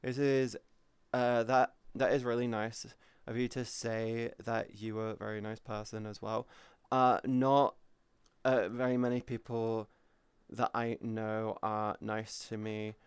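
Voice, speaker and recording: A man chatting casually on a live stream, swearing freely, reading viewers' messages aloud and softly comforting them. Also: lowish voice, little pitch movement, measured pace, clean tone, dry recording. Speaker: VTuber streamer.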